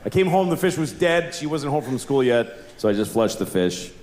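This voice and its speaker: A man's voice: medium pitch, animated, fairly quick, a little mellow. A man doing a sardonic stand-up comedy routine on stage, acting out little voices. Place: comedy stage before live audience. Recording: echoey venue with audience noise.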